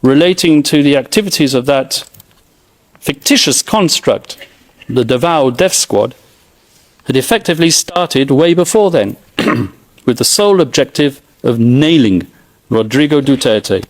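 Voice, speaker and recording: A man's voice: medium pitch, expressive, measured pace. A middle-aged man giving a formal, emphatic courtroom opening statement as defence counsel, with pointed sarcasm.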